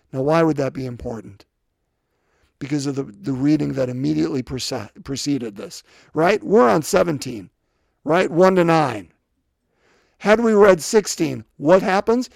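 A man's voice: on the high side, gravelly, a little mellow, dry recording, studio quality. A man preaching a sermon in a loose, conversational way, asking rhetorical questions and acting out the scripture quotes. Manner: acts out scripture quotes with voices.

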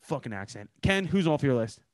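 A man's voice: mid-range voice, a little fast, no room sound. Profane Philly-accented young man, dry mic. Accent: Philadelphia. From Philadelphia area. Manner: animated storyteller, swears freely. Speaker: podcast host. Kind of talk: casual profane podcast chat.

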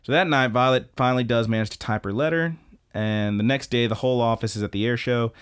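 A man hosting a podcast, casually retelling scenes and breaking into excited asides. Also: mid-range voice, quick pace, clean tone. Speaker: podcast host. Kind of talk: casual episode recap.

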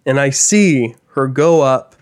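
A man's voice: mid-range voice, slow. A young man on a podcast telling a rambling, self-deprecating story in casual chat. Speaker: podcast co-host.

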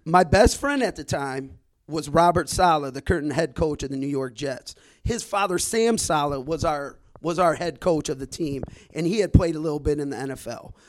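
A man in his forties from Detroit tells a rambling story on a podcast. His voice sits a little higher than most men's, and he often doubles back on his words as he goes. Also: normal speed. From Detroit, Michigan. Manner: animated, repeats words as he builds a story. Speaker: guest storyteller.

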